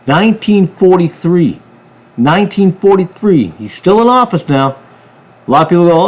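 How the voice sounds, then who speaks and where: A man from a ministry channel giving a political commentary monologue, emphatic, jumping from loud bursts to low mutters. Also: lively intonation, normal speed. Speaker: ministry preacher.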